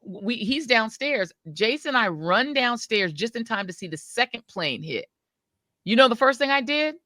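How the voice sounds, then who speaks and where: A woman in her forties co-hosting a podcast, chatting casually in an animated, emphatic, colloquial way while tired and grumpy. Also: medium pitch, normal speed, dry recording, studio quality. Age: 40s. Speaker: podcast co-host. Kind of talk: casual chat.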